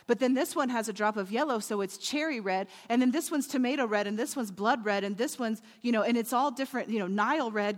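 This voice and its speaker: A woman delivers a lively sermon, slipping into imagined voices with playful energy. Her voice sits a little high, and it rings with the long reverb of a church hall. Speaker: preacher.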